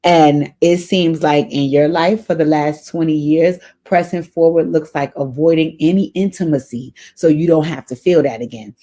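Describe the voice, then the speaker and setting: A woman's voice: deep voice, normal speed, hardly any pauses, mellow. Woman, advice show host, casual spoken counsel, earnest, encouraging, repeats key lines. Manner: spiritual advice. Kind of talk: answering a viewer's letter in casual spoken advice. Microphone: off camera, voice only.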